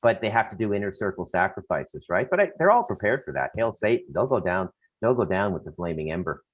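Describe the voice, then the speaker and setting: A man's voice: on the low side, sing-song, quick pace, phone-quality sound. A man on a casual comedy show, making sardonic, dryly mocking asides. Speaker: co-host.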